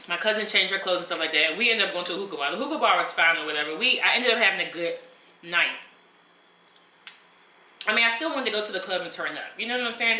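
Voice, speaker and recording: A woman's voice: on the low side, sharp tone, reverberant, a little hiss or hum, low-quality recording. A young woman, telling a story casually and emphatically while eating. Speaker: vlogger.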